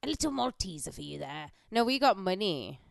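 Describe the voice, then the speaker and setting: A woman's voice: medium pitch, very animated, normal speed, vocal fry, no echo. A woman from England, joking dryly in casual podcast chat. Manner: dry, teasing humor. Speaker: podcast co-host.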